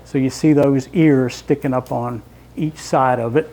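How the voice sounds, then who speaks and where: A man's voice: mid-range voice, fairly even intonation, measured pace, warm tone. Man giving a slide lecture. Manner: conversational, explains step by step with asides to the audience. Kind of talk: public history lecture with slides. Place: library lecture room.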